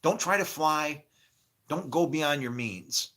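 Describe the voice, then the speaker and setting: A man talks through his faith in a loose, rambling monologue. His voice sits a little high and swings widely up and down. He swears freely and slips into acted-out snippets of conversation. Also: animated, slow, sharp tone. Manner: swears freely, acts out imagined dialogue, laughs often. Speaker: spiritual speaker.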